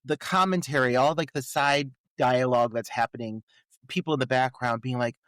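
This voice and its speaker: A man's voice: medium pitch, fairly even intonation, moderate pace, a bit bright, no echo. A man co-hosting a podcast who talks about a film with enthusiastic, laugh-filled remarks and many fillers. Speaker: podcast co-host. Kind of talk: casual film discussion.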